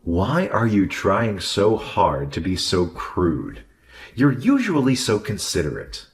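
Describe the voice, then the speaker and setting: A man's voice: lowish voice, wildly swooping pitch, slow pace, full character voice. A man playing a smug, arrogant husband. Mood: defensive. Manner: condescending, dismissive, then backpedaling. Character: selfish arrogant husband who loves fishing. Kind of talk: animated story voice acting.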